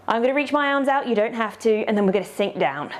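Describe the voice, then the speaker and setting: A woman leads a yoga lesson, talking through each pose with encouraging step-by-step cues. Her voice sits high, and she sounds a little out of breath as she moves. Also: lively intonation, fast. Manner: encouraging, cueing poses step by step. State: slightly out of breath. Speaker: yoga teacher. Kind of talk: instructional yoga class.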